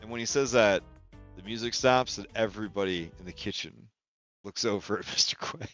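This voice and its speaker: Gm telling the scene, casual and giggly, bright voice with faint music under. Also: medium pitch, a little fast. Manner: laughs often, casual filler-heavy narration. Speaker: game master. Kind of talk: narrating a tabletop game.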